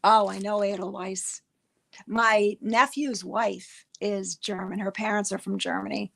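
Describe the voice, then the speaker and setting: A woman's voice: medium pitch, fairly even intonation, measured pace, gravelly. A middle-aged woman hosting a livestream, chatting casually with her viewers in a rambling way and often restarting her words. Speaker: livestream host. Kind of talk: casual livestream chat with chat readers.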